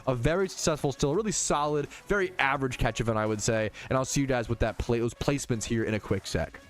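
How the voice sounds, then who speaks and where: A man's voice: medium pitch, fast. A young man streaming a game, chatting casually, swearing freely and reading out chat messages. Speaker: gaming streamer. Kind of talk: casual livestream commentary.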